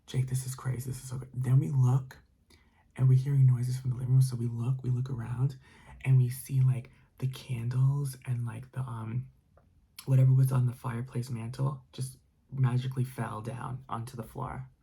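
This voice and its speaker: A man's voice: medium pitch, flat delivery, normal speed, vocal fry, mellow, husky. A man telling a spooky story casually, rambling with many fillers and dropping into whispers. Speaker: storytime narrator.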